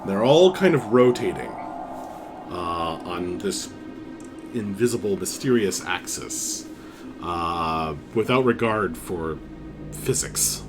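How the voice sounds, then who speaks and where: A man narrating as game master of a tabletop role-playing game, unhurried and full of pauses and fillers. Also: deep voice, animated, music in the background.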